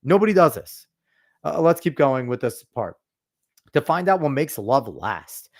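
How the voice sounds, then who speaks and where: A man's voice: fairly high pitch, big pitch swings, unhurried. A man hosting a podcast, ranting bluntly and with plenty of swearing, lecturing his listeners emphatically in casual commentary. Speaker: podcast host.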